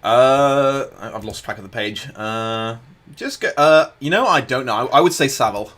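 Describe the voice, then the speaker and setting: A man's voice: medium pitch, expressive, normal speed, fairly bright tone. A man with an English accent, a guest on a livestream, chatting casually with dry humor and many hesitations. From England. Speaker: guest reader. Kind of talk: casual chat.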